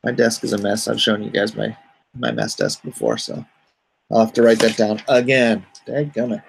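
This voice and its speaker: A man's voice: on the low side, sing-song, normal speed, vocal fry, slight background noise. A middle-aged man hosting a casual live stream as an artist, rambling and reading viewer comments aloud before answering them.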